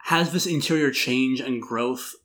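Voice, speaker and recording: A man's voice: mid-range voice, a little slow, fairly bright tone. A man hosting a casual film review chat, wry and rambling, laughing through his jokes. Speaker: podcast host.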